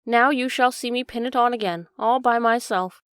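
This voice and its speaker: A woman voicing a fussy, excitable old queen in a storybook reading. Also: fairly high pitch, moderate pace, clean tone, no room sound, clean studio sound, close to an everyday voice.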